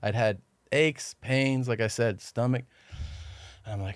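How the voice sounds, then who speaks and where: A man talking as a podcast guest spins a long, rambling story, swearing and acting out the lines he quotes. His voice is mid-range with fairly even intonation and a moderate pace, and there's no room sound.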